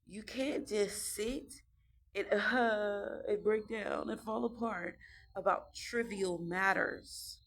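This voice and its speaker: A woman's voice: medium pitch, vocal fry, fairly bright tone, slight background noise. A young mother talking about raising her children in a casual, emphatic monologue, repeating herself to drive points home.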